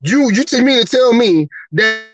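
Profane ranting man, high voice. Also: animated, moderate pace, no echo, rough recording. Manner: profane, repeats rhetorical questions. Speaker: host of a call-in show. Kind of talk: angry ranting monologue.

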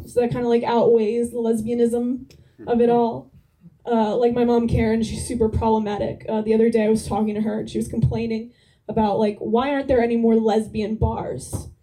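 A young woman from New Jersey doing a stand-up set with a deadpan delivery and a drawling "like". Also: on the high side, recorded from a distance, poor audio. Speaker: stand-up comedian. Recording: live club crowd laughter.

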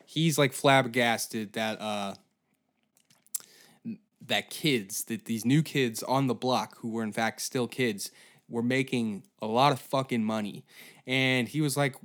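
A man's voice: medium pitch, slow, fairly bright tone. A man hosting a comedy history podcast, telling the story in a crude, rambling way with sarcastic asides. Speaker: podcast host.

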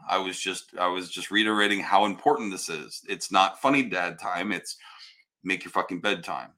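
A man talking loudly and bluntly in casual chat, cursing freely and restarting his sentences often. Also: low voice, fairly quick. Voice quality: hard of hearing. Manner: loud, blunt, swears freely, many restarts.

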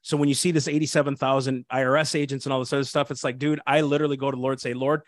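A man's voice: medium pitch, little pitch movement, very fast, dry recording, clean studio sound. A man who is an assistant pastor, speaking fervently and preachily in an interview, often restarting his sentences. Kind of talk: impassioned interview talk.

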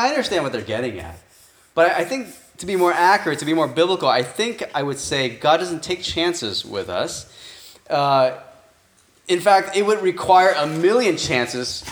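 In an echoey room, a pastor delivers a conversational sermon, thinking aloud and repeatedly putting rhetorical questions to his listeners. His voice leans high, with big pitch swings and a moderate pace.

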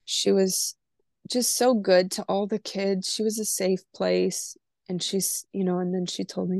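Gravelly-voiced woman telling her story. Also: mid-range voice, flat delivery, measured pace, darkish tone, no echo, studio quality. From California. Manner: candid, emotional, acts out quoted dialogue. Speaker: guest. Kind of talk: personal storytelling in a podcast interview.

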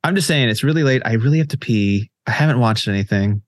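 A man's voice: medium pitch, quick pace, dry recording, studio quality. Man ranting heatedly on a podcast. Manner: heated ranting, heavy swearing. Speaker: podcast co-host. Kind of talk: casual chat.

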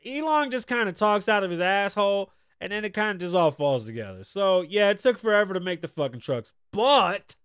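An American man hosting a podcast, riffing on the news in a loud, profane and excitable way from a studio. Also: high voice, a little fast, hardly any pauses, clear, resonant tone. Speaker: podcast host. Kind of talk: casual news commentary.

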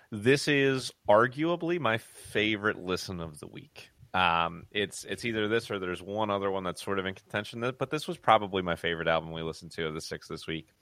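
A man co-hosts a music podcast, chatting casually about music reviews and rambling with fillers and restarts. His fairly low, slightly bright voice comes at normal speed, with no room sound.

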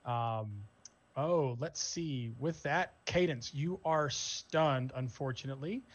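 A man's voice: mid-range voice, takes it slowly, lo-fi sound. Casual man running a tabletop game. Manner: casual narration with frequent fillers. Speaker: game master.

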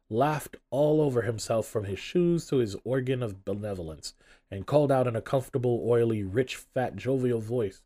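A man narrating a classic novel aloud in an expressive, storytelling manner. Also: mid-range voice. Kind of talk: audiobook narration.

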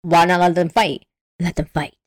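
A woman's voice: on the low side, level tone, moderate pace, no echo, studio quality. A woman in casual chat, retelling a film plot with lots of energy, acting out the characters' lines and swearing freely.

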